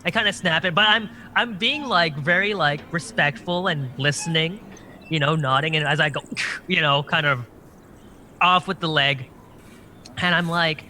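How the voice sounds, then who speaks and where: A man's voice: a little high, normal speed, pushed and bright, slight background noise. A man describing his character's actions in a tabletop game, hesitant and full of restarts. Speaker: player. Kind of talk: casual tabletop game talk.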